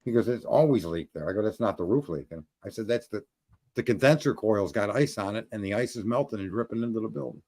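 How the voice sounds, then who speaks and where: A man's voice: fairly low pitch, animated, fast talker, a little mellow, dry recording. A man in casual chat, telling a roofing story in a blunt, profane way. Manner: storytelling, profane, talks through trade details.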